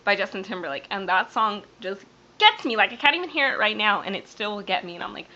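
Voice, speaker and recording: A woman's voice: medium pitch, lively intonation, quick pace, pushed and bright. A young woman vlogger, tearful and rambling, telling a personal story to camera with many fillers and restarts. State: teary, near crying. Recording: dull lo-fi webcam sound.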